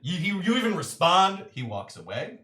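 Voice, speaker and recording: A man's voice: high voice, big pitch swings, moderate pace, fairly bright tone, echoey room. A man narrating a tabletop role-playing game as game master, with lots of fillers.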